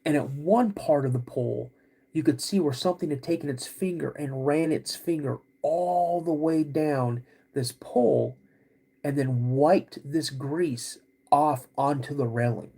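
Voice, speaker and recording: A podcast host telling a personal story in a halting, casual way, with many restarts. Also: male voice, on the high side, gravelly, mellow, breathy edge.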